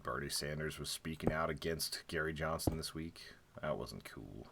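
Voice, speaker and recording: Young guy with a real low voice rambling and joking while building, faint hum behind. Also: moderate pace, gravelly. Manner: rambling, joking, lots of "like" fillers; counts blocks under his breath. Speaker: game streamer. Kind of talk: casual chat while building in a game.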